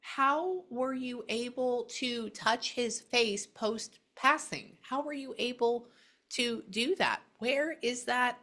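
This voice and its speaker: A woman's voice: on the high side, takes it slowly, pushed and bright. Chatty woman doing a blunt psychic reading. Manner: chatty, blunt, quotes the spirit back and forth. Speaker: psychic medium. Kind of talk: casual reading session.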